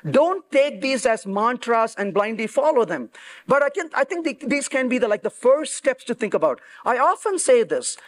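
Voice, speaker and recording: A man giving a technical conference talk in an emphatic way, acting out quoted dialogue. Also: extremely high pitch. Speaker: conference speaker. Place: conference venue.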